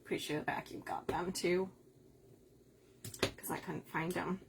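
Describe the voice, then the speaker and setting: This Upper Midwest woman runs a craft livestream, making easygoing conversation as she crafts, often laughing and reading comments from viewers aloud. She has a lowish, gravelly voice with a steady tone, speaks a little slowly, and there's background noise.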